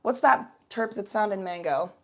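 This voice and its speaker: A young American woman with a medium-pitched, expressive, creaky voice talks at a moderate pace. Hosting a casual livestream, she chats loosely and playfully with viewers, reads their comments aloud, and uses lots of fillers.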